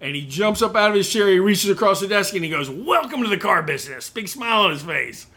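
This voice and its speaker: A man's voice: high-pitched, quick pace. A man on a podcast casually telling a story, acting out what people said. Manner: animated storyteller, acts out quoted voices. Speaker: podcast guest.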